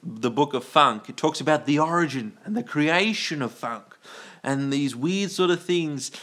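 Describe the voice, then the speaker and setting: Bright-voiced rambling Australian man. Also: on the high side. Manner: rambling and playful, trails off and restarts, reads out chat comments. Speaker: livestream host. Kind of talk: rambling live-stream chat.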